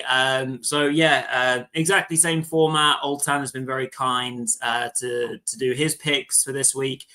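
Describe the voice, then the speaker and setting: A man hosting a live fantasy football show, chatty and relaxed, with lots of fillers and restarts. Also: medium pitch, rough recording. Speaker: host.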